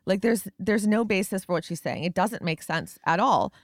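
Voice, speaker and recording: A woman co-hosting a podcast in a casual recap chat, making wry jokes and quick asides. Her voice sits in a middle register. The recording is dry and close. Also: mid-range voice, dry recording. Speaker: podcast co-host.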